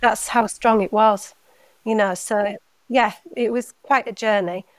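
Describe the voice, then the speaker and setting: A woman guest on a podcast, telling a personal story in a heartfelt, halting way, often repeating words. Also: medium pitch, fairly even intonation, no room sound. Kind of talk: emotional personal story in casual chat.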